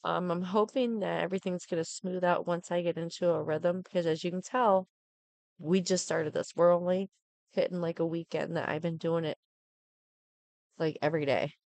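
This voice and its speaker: A woman's voice: lowish voice, steady tone, moderate pace, creaky, darkish tone, dry recording. A middle-aged woman hosting a live stream, chatting casually and rambling with lots of fillers.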